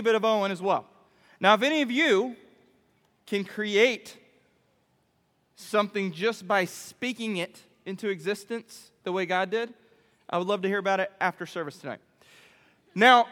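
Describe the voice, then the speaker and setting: A man preaching a playful sermon to a youth group, animated and constantly checking in with the room. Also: high-pitched. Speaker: youth pastor. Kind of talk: playful sermon with audience demo. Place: church hall. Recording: echoey hall reverb.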